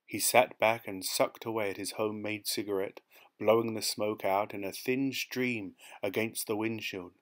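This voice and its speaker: A man reading a short story aloud as an audiobook narrator, in a measured, even manner. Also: on the low side. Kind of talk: scripted narration.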